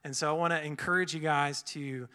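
A man's voice: a little high, steady tone, fairly quick, pushed and bright, clean tone. A young man giving an earnest, casual sermon, full of fillers and restarts. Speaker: preacher. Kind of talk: conversational sermon.

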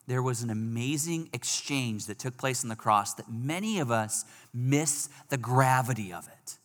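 A man preaching a sermon, telling a personal story that moves between hushed and emphatic passages. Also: mid-range voice, moderate pace. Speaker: pastor. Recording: long hall reverb.

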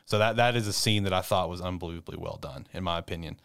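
A man's voice: low voice, fast, vocal fry, a bit bright, clear, resonant tone, no room sound, studio quality. A man in casual podcast chat about a film, rambling with lots of "like" and "you know". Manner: rambling, full of "like" and "you know", acts out quotes. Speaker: podcast co-host discussing a film.

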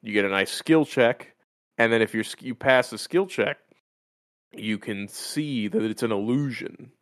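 A man hosting a casual gaming podcast, retelling game scenes in an animated, profane way. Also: medium pitch, measured pace, no room sound, studio quality. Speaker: podcast host.

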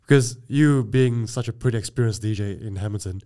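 A man hosting a casual podcast interview, relaxed and agreeable, with many fillers. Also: lowish voice, brisk. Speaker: podcast host.

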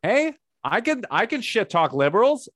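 Man parodying a blustering loudmouth pundit, pitched up, mocking rant, dry close sound. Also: very animated, moderate pace, dry recording, full character voice. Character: loudmouthed right-wing pundit man, ranting.

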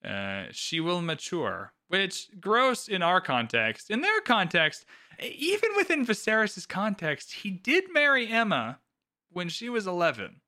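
A man recapping a TV episode on a casual podcast, talking fast and loose with plenty of "like" and cursing. His voice is strikingly bright and a little high. He sounds relaxed and opinionated. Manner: animated, swearing, lots of filler "like". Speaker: podcast co-host.

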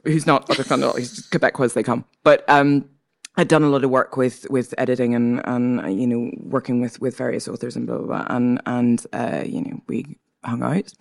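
A woman's voice: rumbling low, brisk, vocal fry. A woman from Northern Ireland with a Northern Irish accent, a guest poet telling a story in a casual interview with laughter and many restarts. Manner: animated, laughing, full of restarts and asides.

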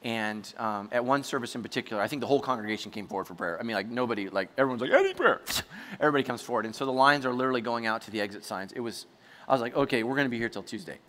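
Bright, animated man preaching. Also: mid-range voice, racing, long reverb tail. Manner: animated storytelling, bursts into shouts. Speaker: pastor. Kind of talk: sermon.

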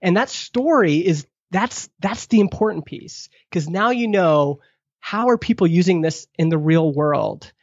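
A man's voice: expressive, unhurried, no echo. A man speaking as a podcast guest in a product marketing role, giving advice and acting out the questions he wants people to ask. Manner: acts out quoted questions, pitch jumping up. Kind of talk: animated advice-giving in conversation. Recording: dull lo-fi dry sound.

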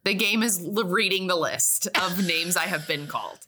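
A young woman co-hosting a casual chat show, reading out a list slowly and laughing often. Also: fairly low pitch, sharp tone. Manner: giggly, reads a list slowly with frequent laughs. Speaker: podcast co-host. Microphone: webcam with whiteboard behind.

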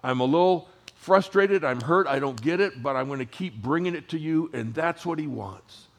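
A man in his sixties, a pastor giving a sermon in a conversational storytelling way, his voice dropping to hushed tones and rising again. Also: fairly high pitch, lively intonation, normal speed. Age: 60s.

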